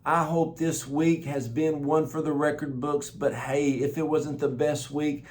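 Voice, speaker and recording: A man's voice: a little high, little pitch movement, unhurried, a little mellow, slight background noise. A man hosting a weekly broadcast of prophetic words, preaching in an exuberant, emphatic way and repeating phrases for emphasis. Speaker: host sharing prophetic words.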